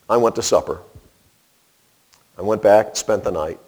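A man preaching in a storytelling style, animated and self-deprecating. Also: fairly low pitch, normal speed, pauses often, slightly rough. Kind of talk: storytelling sermon.

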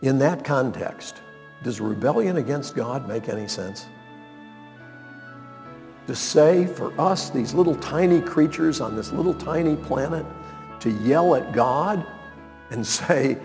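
A man's voice: medium pitch, sing-song, measured pace, vocal fry, darkish tone, long reverb tail, faint music behind. A man preaching a radio sermon as pastor, emphatic and asking the listeners rhetorical questions.

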